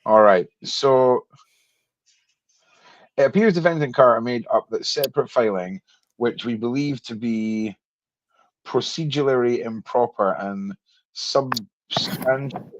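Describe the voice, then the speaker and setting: A man's voice: mid-range voice, unhurried, long pauses, highs cut off. A man hosting a podcast who stumbles and laughs at himself while reading legal text aloud. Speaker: podcast host.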